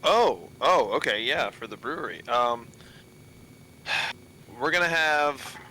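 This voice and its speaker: Bright-voiced man rambling about beer. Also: medium pitch, animated, slow, a little hiss or hum, poor audio. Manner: rambling, many ums and restarts. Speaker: podcast co-host planning a brewery. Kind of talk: casual chat.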